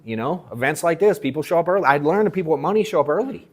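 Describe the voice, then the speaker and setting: A man coaching a live workshop audience on sales, telling a story in casual, slangy, profane speech with animated acted-out quotes. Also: a little high, racing, husky. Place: event room at an in-person workshop.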